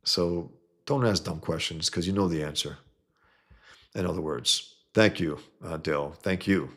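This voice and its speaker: A man hosts a casual livestream and talks to his viewers with plenty of enthusiasm. His voice is very low, with a gravelly edge. He often stops and repeats words as he speaks. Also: a little slow, a bit bright. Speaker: comic creator hosting a livestream.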